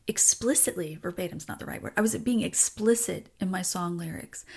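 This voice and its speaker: A woman songwriter and author in a candid personal conversation, talking frankly and emotionally, swearing, with halting restarts. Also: medium pitch, vocal fry, darkish tone, slightly rough.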